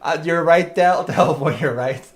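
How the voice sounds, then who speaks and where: A man's voice: fairly high pitch, a little slow. A man commentating his own racing game live and chatting to viewers by name. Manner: chatty, addresses viewers by name, friendly banter. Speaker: livestreamer.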